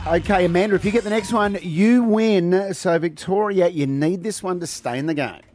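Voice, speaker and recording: A man's voice: sits high, a little fast, darkish tone, faint music behind. A man co-hosting a breakfast radio show, chatting casually with callers and laughing often.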